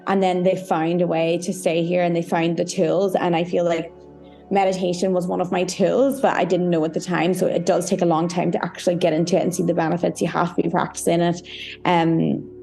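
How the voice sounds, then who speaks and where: A woman's voice: lowish voice, little pitch movement, fairly quick, gravelly, warm tone, faint music behind. A woman guest on a podcast talking candidly about meditation, with a chatty, frank manner full of "like" and "you know". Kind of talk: casual podcast interview.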